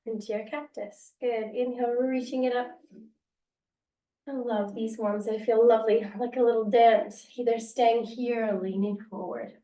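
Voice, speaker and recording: Roomy yoga teacher guiding a class. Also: female voice, fairly high pitch, mellow. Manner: encouraging, counting down breaths. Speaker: yoga instructor. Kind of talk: guided yoga class instruction. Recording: roomy sound, distant from the mic.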